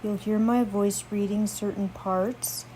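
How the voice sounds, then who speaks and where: A woman host reading a scripted narration in a monotone way. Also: mid-range voice, slow pace, slight background noise, rough recording.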